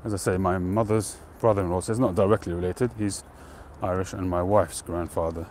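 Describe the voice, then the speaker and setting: A man hosting a live stream outdoors, chatting to viewers in a relaxed, rambling way and greeting them by name. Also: sits low, a little fast, a little hiss or hum. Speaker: pipe-smoking livestream host. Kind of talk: casual live-stream chat.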